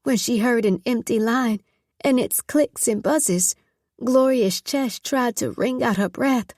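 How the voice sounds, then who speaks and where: A woman narrating an audiobook in a measured, steady storytelling voice. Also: fairly high pitch, dry recording, studio quality. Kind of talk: scripted narration.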